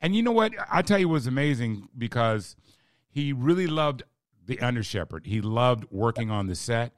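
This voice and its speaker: A man's voice: mid-range voice, expressive, normal speed, no echo, studio quality. A man hosting a casual interview, telling stories in a reflective, emphatic way about directing. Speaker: host, writer and director.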